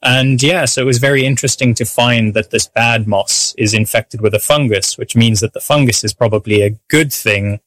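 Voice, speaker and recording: A man's voice: medium pitch, normal speed, hardly any pauses, fairly bright tone, dry recording. A man, a scientist, explaining his research in a plain, explanatory way. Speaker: scientist guest. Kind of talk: explaining research in a podcast clip.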